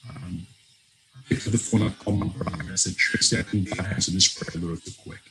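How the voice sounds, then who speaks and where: A man from Africa, a guest on an interview, telling a personal story in a lively way, acting out voices and laughing often. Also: low voice, fast, low-quality recording. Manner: animated storyteller, laughs often, acts out dialogue. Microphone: remote call.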